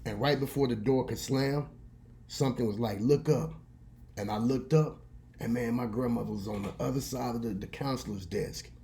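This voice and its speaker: A man in a casual storytelling monologue who preaches a little and spins folksy tales. His voice is mellow and warm, at an ordinary pitch. He tells it with animated, down-home flair. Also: a little fast, a little hiss or hum. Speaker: vlogger and radio host.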